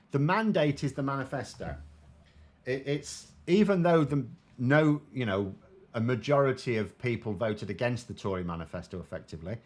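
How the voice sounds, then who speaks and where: A British man talks through political questions from viewers in a relaxed, chatty commentary. His delivery is wry and sardonic, and he trails off into frequent ums and restarts. His voice sits at an ordinary middle pitch. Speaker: political commentator, show host.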